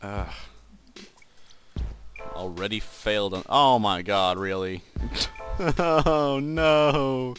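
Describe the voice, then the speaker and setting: A man doing let's play gaming commentary, excitable and swearing often, yelping when he fails. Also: on the low side, very slow, pauses often, soft background music. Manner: excitable, swears a lot, yelps at failures.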